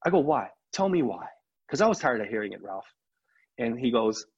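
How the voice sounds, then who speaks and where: A middle-aged male pastor with a husky voice spins a lively story, slipping into the voices of the people he quotes. The recording sounds a little muffled and lo-fi. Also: medium pitch, fast talker. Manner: animated storyteller who acts out quoted dialogue. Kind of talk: storytelling in a podcast interview.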